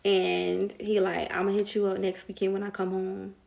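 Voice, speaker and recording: A woman's voice: mid-range voice, level tone, moderate pace, gravelly, darkish tone, slight background noise. A young woman telling a casual storytime to her viewers, slangy and chatty, laughing often.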